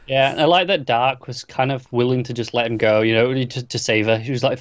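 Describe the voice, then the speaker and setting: A man's voice: medium pitch, steady tone, brisk, hardly any pauses, dull audio. A man co-hosting a podcast, joking bluntly in casual TV chat and stumbling over his first words. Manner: blunt, joking, stammers on starts. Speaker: podcast co-host.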